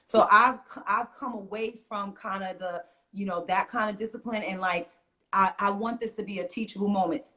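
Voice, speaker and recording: In a conversational interview, a middle-aged woman appears as a guest, a mother and fitness teacher, speaking in a mid-range voice at normal speed. She talks earnestly and tells stories animatedly, acting out the things she says to kids.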